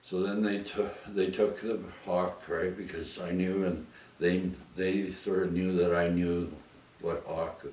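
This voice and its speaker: A man's voice: low-pitched, little pitch movement, slow pace, darkish tone, far from the mic. A man telling a personal story in a casual, rambling way, tagging his sentences with "eh?" and "right?". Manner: rambling, with frequent "eh?" and "right?" tags. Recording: echoey room, off the mic.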